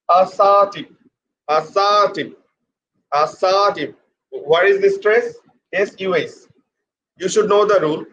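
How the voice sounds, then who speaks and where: A man teaching an English pronunciation lesson. He talks slowly, spells words out letter by letter and says each word several times. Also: high-pitched. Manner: slow, repeats words and spells them out letter by letter. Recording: slightly dull with faint background noise.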